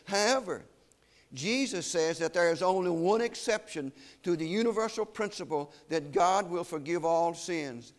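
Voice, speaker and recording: Solemn emphatic male preacher. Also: a little high. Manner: solemn, emphatic preaching with slowed, weighty phrases. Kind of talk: sermon.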